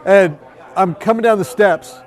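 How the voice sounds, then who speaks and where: High-voiced man telling profane travel stories. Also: a little slow. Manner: profane, animated storytelling with quoted voices. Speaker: tattoo artist guest. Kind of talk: casual chat. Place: busy tattoo convention.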